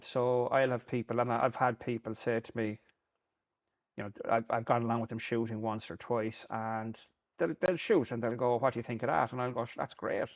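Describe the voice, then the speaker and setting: In a muffled recording, a man with a medium-pitched voice, a Paralympic sport shooter, thinks aloud in a plain-spoken, reflective monologue, often repeating words as he goes.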